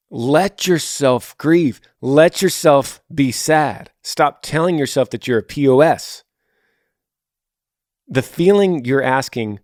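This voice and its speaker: A man's voice: mid-range voice, dry recording. Earnest encouraging man with a dry, close sound. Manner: earnest, encouraging, repeats himself. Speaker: podcast host giving advice. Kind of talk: casual advice talk.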